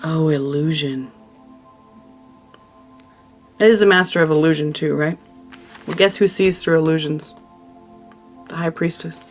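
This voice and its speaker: Woman, tarot reader, casual reading, repeats phrases for emphasis, lowish voice. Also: measured pace, long pauses, soft background music.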